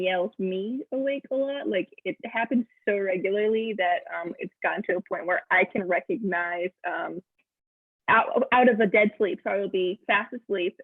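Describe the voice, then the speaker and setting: A woman's voice: mid-range voice, no room sound, phone-quality sound. A woman telling a true story at an improv comedy show, hesitant, with many ums and uhs. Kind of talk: storytelling monologue.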